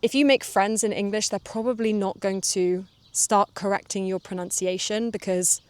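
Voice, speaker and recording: A woman hosting a relaxed English-learning podcast, explaining things calmly and drawing out her vowels. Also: medium pitch, moderate pace, no echo. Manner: calm, explanatory, draws out vowels. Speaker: English teacher and podcast host.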